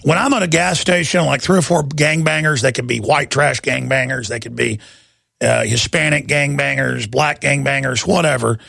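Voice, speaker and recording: A man hosting a talk radio show, ranting with impassioned heat in a rough voice into a studio microphone. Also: mid-range voice, fairly even intonation, normal speed, pushed and bright, no room sound. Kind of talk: heated talk radio monologue.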